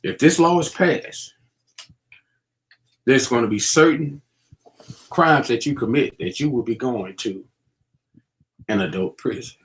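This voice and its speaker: A man's voice: mid-range voice, a little slow, pauses often. A middle-aged man giving casual, preachy commentary, using street slang and many fillers as he warns young people. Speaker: vlogger.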